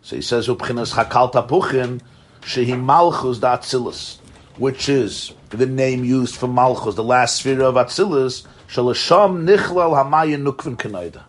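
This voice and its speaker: A man's voice: mid-range voice, moderate pace. A man teaching a Torah class, explaining ideas animatedly, chuckling often and mixing in Hebrew terms.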